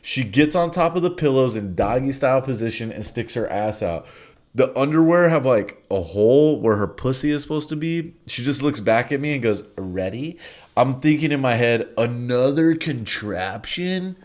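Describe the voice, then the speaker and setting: A man recounting a crude comedic story in a blunt, offhand manner. His voice sits at an ordinary middle pitch, and he tosses in dry, bored asides. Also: lively intonation, fairly quick, a little mellow.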